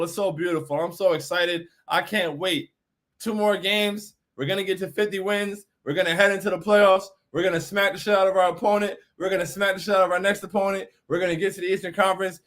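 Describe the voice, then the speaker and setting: A man's voice: high voice, steady tone, quick pace, a bit bright. A man hosting a postgame fan stream, reading chat messages aloud and reacting in a hyped, emphatic voice that repeats lines for effect.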